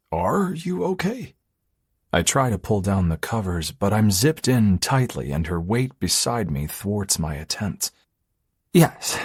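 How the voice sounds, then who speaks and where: Husky, lively male audiobook narrator. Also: deep voice, no room sound, clean studio sound. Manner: expressive, intimate storytelling. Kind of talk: scripted first-person audiobook narration.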